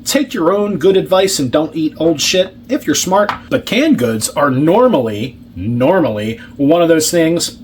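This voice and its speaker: A man's voice: on the high side, slight background noise. A man eating and reviewing food in a casual vlog, joking, sarcastic and swearing casually, humming and chewing as he talks. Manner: chews and hums with his mouth full. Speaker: ration review vlogger.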